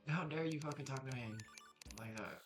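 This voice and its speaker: A man voicing an angry waitress, indignant and yelling, over background music. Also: medium pitch, normal speed, voice pushed up, lightly acted. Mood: outraged. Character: angry middle-aged woman waitress, fiery.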